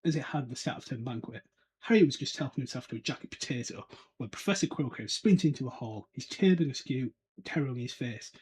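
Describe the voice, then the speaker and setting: A man's voice: mid-range voice, animated, fast, a little mellow, breathy edge. A man hosting a podcast, chatting casually through a book chapter, laughing often and slipping into silly character voices. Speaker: podcast host. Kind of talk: casual book breakdown chat.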